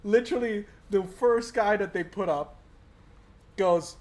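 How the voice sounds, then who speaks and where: A man's voice: sits high, unhurried, darkish tone. A man co-hosting a livestream in casual banter who swears freely, laughs often and acts out quotes. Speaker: livestream co-host.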